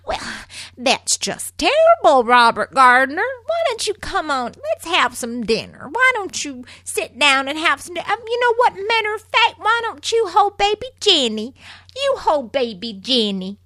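A woman's voice: high-pitched, very animated, unhurried, pushed and bright, no echo, pitched above the performer's own voice, heavily acted. A woman voicing a gushing, syrupy hostess who fusses over her guest. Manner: sugary, fussing, insistent hospitality.

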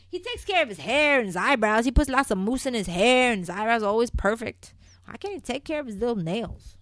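A woman hosting a casual solo podcast that recaps a soap opera. She is chatty and opinionated, keeps calling her listeners "people," and swings from loud emphatic bursts to quiet asides. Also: on the low side, no room sound.

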